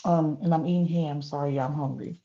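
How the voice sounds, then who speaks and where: A woman's voice: deep voice, fairly even intonation, fairly quick, muffled recording. An older woman hosting a casual live stream, profane and chatty, greeting viewers by name and keeping her voice down at times. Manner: hushed at times to keep a grandchild asleep. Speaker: livestream host.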